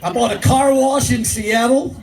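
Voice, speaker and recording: A man's voice: extremely high pitch, fairly even intonation, unhurried, vocal fry, slight background noise. Older male stand-up comic, crude and brash. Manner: crude, brash, talks to the crowd. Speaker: stand-up comedian. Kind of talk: stand-up comedy set. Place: live comedy club. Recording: distant mic, loud crowd laughter.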